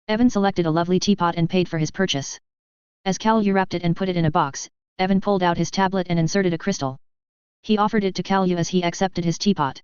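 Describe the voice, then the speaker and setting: A woman's voice: fairly low pitch, steady tone, fast, a little mellow, smooth, dry recording, highs cut off. Woman reading a sci-fi story. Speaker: narrator.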